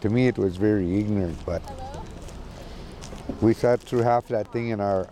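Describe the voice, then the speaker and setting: A man giving a casual, halting spoken report from an outdoor camp, with many restarts. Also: fairly low pitch, dark tone, a little hiss or hum. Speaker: community advocate calling in from a camp. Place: outdoor encampment.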